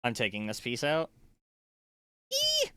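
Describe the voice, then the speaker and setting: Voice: mid-range voice, lively intonation, measured pace, background noise. A streamer chatting casually and playfully during a live build, swearing freely and rambling to the audience. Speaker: livestreamer. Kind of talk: casual livestream chat while building.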